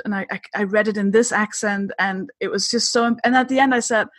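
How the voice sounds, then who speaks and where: A woman's voice: mid-range voice, steady tone, brisk, fairly bright tone, dry recording. A woman comedian hosting a podcast, chatting casually and telling self-deprecating stories with frequent laughter. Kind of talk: casual interview chat.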